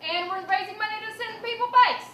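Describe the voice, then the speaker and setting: A young woman performing a stand-up comedy set in a small venue, telling a self-mocking story with bursts of shouted punchlines. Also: very high voice, fast. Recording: roomy, distant live recording with faint noise.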